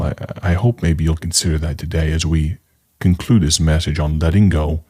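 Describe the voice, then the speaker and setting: A man's voice: rumbling low, steady tone, normal speed, warm tone. A male evangelist hosting a radio ministry broadcast, telling a story in an earnest, conversational way.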